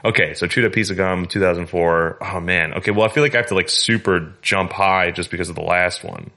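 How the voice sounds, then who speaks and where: A young man co-hosting a podcast in casual chat, excitable and laughing a lot, with plenty of filler words. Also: low-pitched, brisk. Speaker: podcast co-host.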